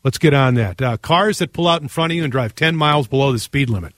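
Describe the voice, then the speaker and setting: Laid-back radio host. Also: male voice, medium pitch, fast, fairly bright tone, no room sound, clean studio sound. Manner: casual, joking, reads texts aloud. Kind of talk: call-in radio talk. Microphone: studio microphone.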